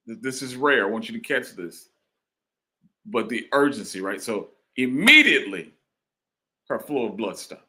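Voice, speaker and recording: A man delivers a sermon with an animated, swinging delivery. His voice is bright and forward, and he repeats phrases to drive points home, calling out to the congregation. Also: mid-range voice. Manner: call-and-response preaching, repeats phrases. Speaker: preacher. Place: church.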